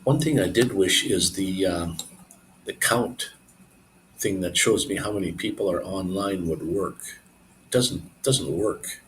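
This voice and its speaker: A man's voice: low-pitched, unhurried, slight background noise, low-quality recording. A man live streaming, chatting casually and rambling to his viewers. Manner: rambling, relaxed, talks to viewers.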